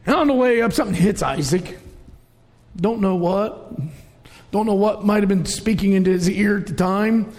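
A middle-aged man preaching a sermon, telling the story with strong emotion and sudden raised, shouted moments. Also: high voice, moderate pace. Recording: long hall reverb.

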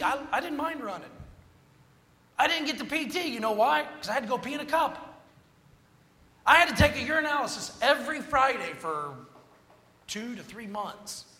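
A man telling a humorous personal story as part of a sermon, jumping between jokes and moral lessons. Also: extremely high pitch. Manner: animated, joking anecdotes with moral lessons. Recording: long reverb of a large hall.

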